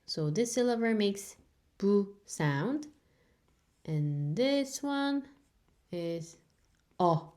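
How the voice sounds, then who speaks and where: Very slow, patient woman language teacher, native Korean speaker. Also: medium pitch, darkish tone. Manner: patient, repeats each sound several times for learners. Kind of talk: beginner language lesson.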